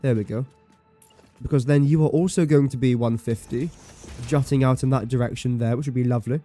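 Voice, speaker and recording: Mellow-voiced man thinking aloud while gaming. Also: medium pitch, fairly even intonation, a little fast, faint music behind. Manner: thinks aloud, counts and does sums under his breath, self-mocking. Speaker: game streamer. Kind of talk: casual live-stream commentary.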